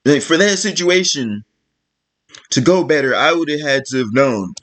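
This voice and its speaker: A man's voice: fairly high pitch, animated, normal speed, a bit bright. A man delivering a blunt, profane, exasperated rant to camera as a vlogger. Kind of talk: ranting vlog monologue.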